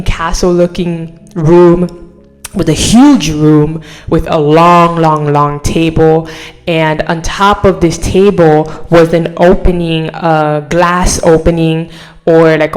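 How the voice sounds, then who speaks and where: A young woman with a slightly low voice tells a personal testimony in a loose, rambling way. She speaks earnestly and is emotional at times. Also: darkish tone. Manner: earnest, rambling, fillers like "like" and "right?". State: emotional, near tears at times. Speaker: vlogger. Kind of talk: casual personal testimony to camera.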